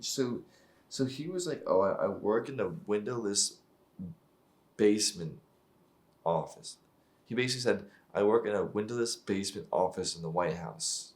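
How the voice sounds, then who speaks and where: A man's voice: lowish voice, expressive, normal speed. A man giving casual, profane commentary as he reacts to a TV episode, mocking the script and laughing often. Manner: laughs often while talking. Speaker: show reaction YouTuber.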